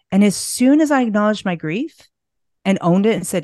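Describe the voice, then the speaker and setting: A woman's voice: mid-range voice, lively intonation, quick pace, darkish tone, no echo, studio quality. A middle-aged woman speaking as a guest in a casual interview, candid and a bit profane, often restarting her sentences. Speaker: guest, naturopathic practitioner.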